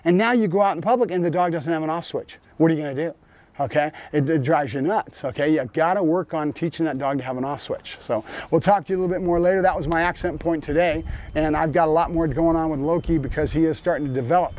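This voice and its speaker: A man's voice: a little high, fast talker, darkish tone. A middle-aged dog trainer talking casually to viewers outdoors, explaining how he teaches a puppy to settle down. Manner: coaxing praise to the dog, then explaining to viewers.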